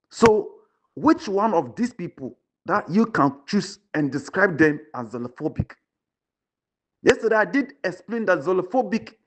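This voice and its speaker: A man giving opinion commentary, preachy and repetitive, often checking in with the listener. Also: sits high. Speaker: online commentator.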